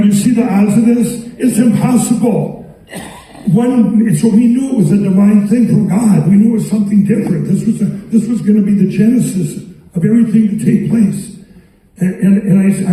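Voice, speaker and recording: Guy rambling through a story on stage, dark gravelly voice, lots of "i said", booming hall from way off mic. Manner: rambling, repetitive storyteller who acts out dialogue. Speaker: guest speaker at a public event. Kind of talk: anecdotal speech to a live audience. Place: arts center hall. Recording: echoey hall picked up from far off.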